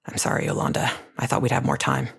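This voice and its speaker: A woman voicing a gentle male librarian turned fugitive, speaking in a hushed, ragged whisper. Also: extremely low pitch, little pitch movement, fast, gravelly, slightly rough, exaggerated voice. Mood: urgent hushed.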